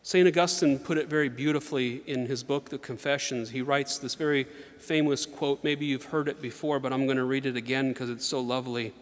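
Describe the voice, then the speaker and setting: A man giving a sermon in an earnest, measured way, reading slowly and with emphasis. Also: medium pitch, fairly even intonation. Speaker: preacher. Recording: long hall reverb.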